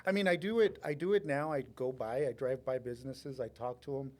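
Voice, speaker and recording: A man who works as an insurance agent, a podcast guest speaking in a relaxed, halting, self-deprecating way. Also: mid-range voice. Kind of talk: casual interview chat.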